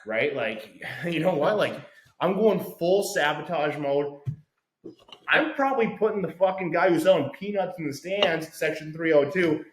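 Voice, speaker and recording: A man co-hosting a casual sports podcast, talking in a rambling, excitable way and swearing freely. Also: fairly high pitch, moderate pace. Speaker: podcast co-host. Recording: echoey room.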